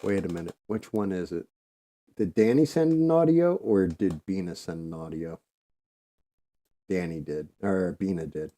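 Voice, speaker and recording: A man's voice: sits low, moderate pace, dark tone. A man hosting a casual painting livestream, rambling loosely and swearing freely.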